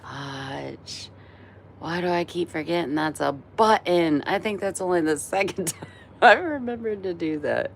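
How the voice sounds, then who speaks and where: A woman's voice: lowish voice, expressive, moderate pace, vocal fry, slight background noise. A tired woman in her forties hosting a casual live stream, chatty and rambling, laughing often between thoughts. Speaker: livestream host.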